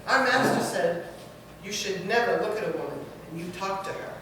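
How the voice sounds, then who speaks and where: A woman's voice: medium pitch, lively intonation, normal speed, a bit bright, natural voice. Woman doing an irritated young monk. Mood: reproachful. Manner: accusing questions. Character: irritated, fidgety male monk. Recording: echoey hall, far from mic, noisy.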